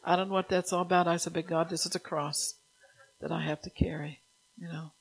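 A woman's voice: on the low side, flat delivery, brisk, vocal fry, slightly rough, rough recording. A woman preaching a sermon. She relays God's words in the first person, reads out Bible verses and drops into casual asides to the congregation.

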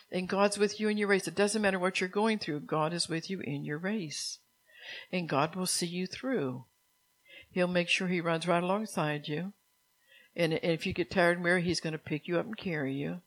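A preacher delivers a sermon to a gathered congregation in an earnest, exhorting tone. The voice sits at a middle pitch. Phrases restart and repeat as the thought builds. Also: fairly bright tone, rough recording. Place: room with a live congregation.

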